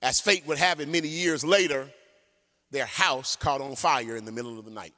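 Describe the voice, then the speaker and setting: A man pastor preaching a sermon and telling a story in an animated way, sometimes singing his phrases. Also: mid-range voice, normal speed. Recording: long church hall reverb.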